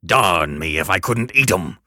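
A man voicing a rough, hungry escaped convict who barks gruff threats in coarse rustic speech. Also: low-pitched, animated, a little slow, pushed and bright, dry recording, clean studio sound, exaggerated voice. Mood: menacing. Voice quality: gruff, growling.

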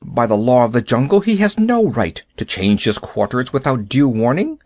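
Man playing a stern father wolf, curt and indignant, lively delivery, dry close sound. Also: mid-range voice, moderate pace, no room sound. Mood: angry. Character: proud stern male wolf, father of cubs. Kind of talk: storybook reading.

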